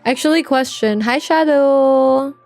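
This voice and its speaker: A woman's voice: high-pitched, unhurried, darkish tone, soft background music. A young woman streaming live, chatting casually and rambling with viewers, full of filler words and slang. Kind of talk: casual livestream chat with viewers.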